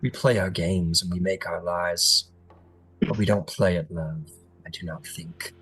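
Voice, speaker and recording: A cold, cruel fae prince, as a man puts him on, speaking low and quietly with menace. His husky voice sits low, with sudden sharp bursts. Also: fairly even intonation, measured pace, heavily acted. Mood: bitter.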